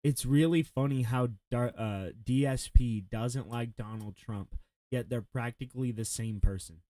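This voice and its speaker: A streamer talks over a clip, taking sarcastic jabs at the person in it. His mid-pitched voice sounds dry and close, with no echo from the room. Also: unhurried, mellow. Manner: sarcastic, mocking, laughing asides. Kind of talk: mocking reaction commentary.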